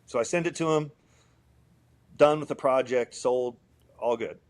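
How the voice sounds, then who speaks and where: A male guitar builder talks as an interview guest, easygoing and rambling. His voice sits at an ordinary middle pitch. He drifts through fillers and acts out little bits of dialogue as he goes. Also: unhurried. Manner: relaxed, rambling, with many fillers and quoted dialogue. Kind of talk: casual storytelling in an interview.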